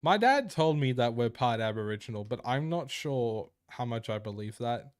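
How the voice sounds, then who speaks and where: A man's voice: mid-range voice, lively intonation, moderate pace, clear, resonant tone, dry recording, clean studio sound. A young man chatting casually with viewers on a live stream, crude and joking. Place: indoor room.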